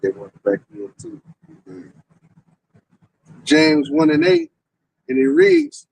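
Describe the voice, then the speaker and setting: High gravelly man with a swooping voice. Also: wildly swooping pitch, unhurried, long pauses, a little hiss or hum, rough recording. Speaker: co-teacher in a group discussion. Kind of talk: casual preaching and scripture reading.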